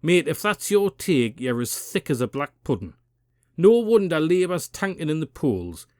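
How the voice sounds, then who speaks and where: A Geordie man delivers a combative political rant, full of swearing and scornful jabs. His voice is slightly high and very animated, climbing and plunging as he goes. The sound is dry and close. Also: normal speed, no echo. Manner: profane, sarcastic, combative. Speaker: political commentary channel host.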